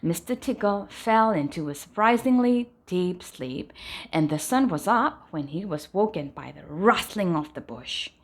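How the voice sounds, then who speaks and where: A woman reading a children's bedtime story aloud, animated and dropping softly at the ends of sentences. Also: fairly low pitch, a little slow. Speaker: storybook reader.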